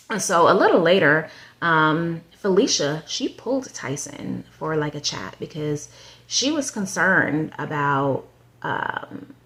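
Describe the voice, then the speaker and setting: A woman's voice: deep voice, fairly bright tone. A woman in a casual, chatty show recap who rambles with lots of "um", "like" and "you know", giving her opinions and speaking straight to the people she discusses.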